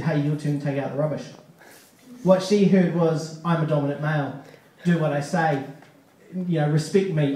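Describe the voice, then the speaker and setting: A man's voice: fairly high pitch, dark tone, a little hiss or hum. A man doing a live stand-up set in a comedy club, talking in a wry, conversational way with profane asides. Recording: echoey club sound from a distant mic.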